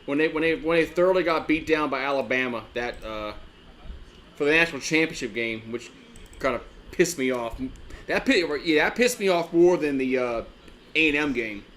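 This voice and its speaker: A man's voice: fairly high pitch, normal speed, fairly bright tone, a little hiss or hum. Frustrated man ranting on a sports stream. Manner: frustrated, swearing, rambling with many restarts. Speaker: sports live-stream host. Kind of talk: casual live-stream fan chat.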